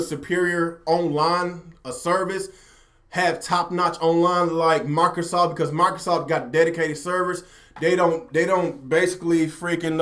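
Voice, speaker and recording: A young man with a fairly high voice hosts a gaming livestream. He rants to his viewers in a loose, repetitive way and keeps calling out to them directly. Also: fairly bright tone. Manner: talkative, repeats himself, addresses chat directly. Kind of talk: casual livestream rant.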